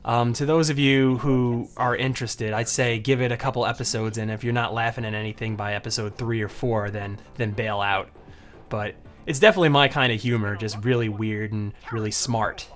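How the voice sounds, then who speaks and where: A man's voice: mid-range voice, steady tone, brisk, soft background music. Rambling man commenting on his own videos. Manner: rambling, full of fillers and restarts. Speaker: anime commentary host.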